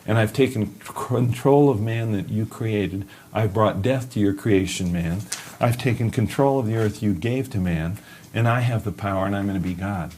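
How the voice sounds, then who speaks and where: A man's voice: fairly low pitch, normal speed, darkish tone, a little hiss or hum, natural voice. Defiant male fallen angel, boastful, put on by a male teacher. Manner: boastful, accusing.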